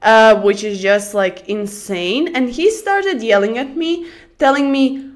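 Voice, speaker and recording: A young woman chatting casually about her day while playing blitz chess, rambling through stories and bursting out excitedly over her moves. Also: a little high, slow. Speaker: chess streamer.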